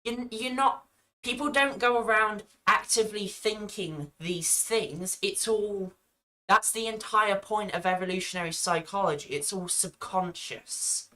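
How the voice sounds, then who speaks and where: A woman's voice: medium pitch, measured pace, sharp tone, rough recording. A woman giving reaction commentary on a video, arguing back at the screen in an exasperated, argumentative way.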